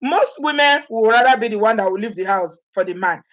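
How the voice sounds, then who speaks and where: A woman from Nigeria speaks briskly in a slightly high voice, her Nigerian accent clear despite the muffled recording. As a vlogger in casual chat with live viewers, she is lively, laughs frequently and mimics people's quoted speech.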